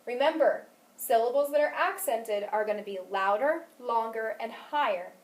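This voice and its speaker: A woman's voice: a little high, normal speed. A woman teaching a phonics lesson, asking questions and praising answers patiently. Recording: echoey room, mic at a distance.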